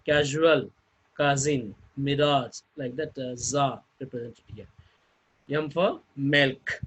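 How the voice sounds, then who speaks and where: A man teaching a phonetics lesson, spelling out words letter by letter and pausing often on fillers. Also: medium pitch, breathy edge, poor audio. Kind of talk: phonetics lecture.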